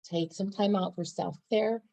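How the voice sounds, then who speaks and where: A woman's voice: mid-range voice, steady tone, a little slow, gravelly, warm tone, rough recording. Woman, 30s, vlogger, bubbly and chatty, mid-range voice, upbeat delivery. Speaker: wellness vlogger. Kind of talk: casual talk to camera.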